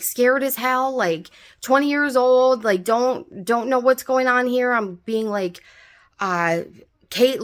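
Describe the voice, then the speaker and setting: A young adult woman with a slightly high voice tells a story in a casual vlog, rambling with plenty of filler words and swearing freely.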